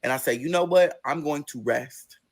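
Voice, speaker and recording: A man telling a personal story in a casual, profane way, his pitch swinging between low, quiet stretches and high, excited bursts. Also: normal speed, creaky. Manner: acts out quoted voices in a high register.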